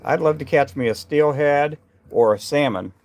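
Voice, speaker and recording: A man with a gravelly, creaky voice talks to viewers on his live stream. He rambles from thought to thought with lots of fillers and false starts as he works at his tying bench indoors. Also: fairly high pitch, moderate pace, a little mellow, a little hiss or hum. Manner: rambling, chatty, many fillers and restarts. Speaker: livestream host tying fishing jigs.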